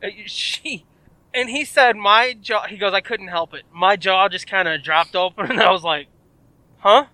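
A man with a high voice and a very sharp, bright tone tells a story in casual chat. He acts out the people in it with lively quoted voices. The sound is dry and close. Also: normal speed, no room sound, poor audio. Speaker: podcast co-host. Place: in a moving car.

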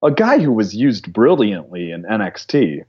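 Low-voiced man on a dull lo-fi mic. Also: moderate pace, husky. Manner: relaxed, laughs often. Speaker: podcast guest. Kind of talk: casual podcast chat.

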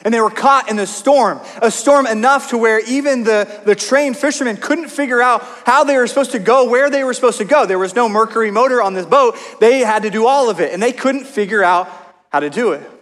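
A man with a high voice gives a sermon, mixing scripture with personal stories in a relaxed, chatty way. His words hang in a long reverb, as in a large hall. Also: brisk. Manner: storytelling, conversational with asides. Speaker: pastor.

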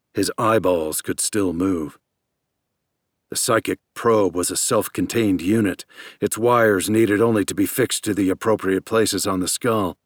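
A man in his fifties narrates an audiobook in a measured, even storytelling voice. His voice sits on the low side, and the close studio recording is dry with no room echo.

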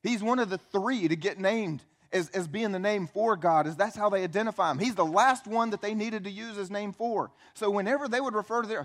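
As a pastor giving a sermon, this man tells the story with animation and a conversational feel, voicing quotes dramatically and quizzing the audience. His voice is high-pitched and fairly quick, with few pauses.

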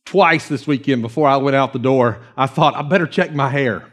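A middle-aged man preaching a conversational, animated sermon, slowing to hushed readings of scripture. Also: mid-range voice. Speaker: pastor.

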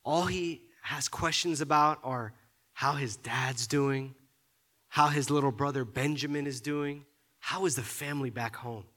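A man preaching a sermon, often repeating his words and building to loud, emphatic peaks. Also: mid-range voice, a little slow. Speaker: pastor.

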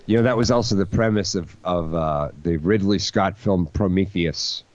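A man's voice: low-pitched, normal speed, darkish tone, no room sound, muffled recording. A man co-hosting a podcast, making wry, crude asides in casual chat. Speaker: podcast co-host.

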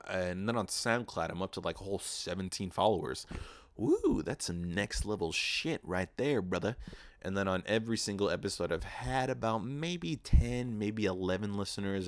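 A young man hosting his own podcast, telling a profane, animated story with mock-quoted asides. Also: low voice, clean tone, no echo. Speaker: podcast host. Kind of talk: casual solo podcast rant. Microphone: podcast microphone.

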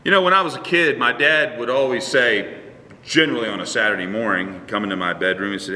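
A man's voice: fairly low pitch, a little fast, sharp tone, big-room sound, far from the mic. A male pastor preaching a conversational sermon, acting out little dialogues with his congregation. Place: church sanctuary.

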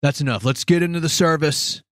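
A man's voice: on the high side, a little fast, fairly bright tone, dry recording, natural voice. Smug dismissive old pastor, chiding tone, dry close sound, man putting him on. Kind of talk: quoted impression in storytelling.

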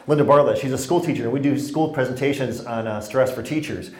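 This man speaks fast in a mid-range, slightly mellow voice during a workshop on stress. Mixing lecture and anecdotes, he's conversational and funny and performs the exchanges he quotes, with the recording having a roomy hall sound.

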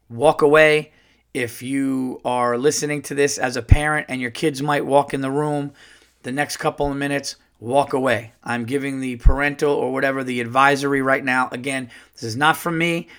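A male comedian hosting a podcast and telling a long story casually, with lots of fillers and asides. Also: mid-range voice. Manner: animated, rambling, full of fillers.

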